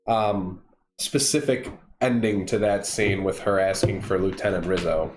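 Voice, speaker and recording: A man's voice: deep voice, fairly even intonation, unhurried, reverberant. A man co-hosting a casual podcast review of a TV episode, rambling, swearing and restarting his sentences. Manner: laid-back, rambling, swears, restarts a lot. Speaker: podcast co-host.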